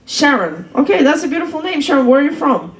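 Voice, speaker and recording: A woman's voice: sits high, big pitch swings, fast talker. Teasing woman hosting stand-up, echoey room. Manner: teasing, chatty, laughs between jokes. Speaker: comedy host. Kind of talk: stand-up and crowd work. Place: comedy venue, roomy.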